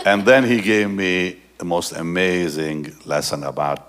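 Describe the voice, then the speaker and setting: A male pastor telling a story in a sermon, animated and often laughing, and dropping low and soft for the serious parts. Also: measured pace, few pauses, some chatter behind.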